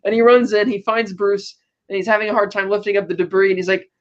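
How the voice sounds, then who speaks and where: High-voiced man rambling through a recap. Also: level tone, quick pace, fairly bright tone, lo-fi sound. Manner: rambling retelling with loose paraphrased quotes. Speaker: podcast co-host. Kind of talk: casual movie recap.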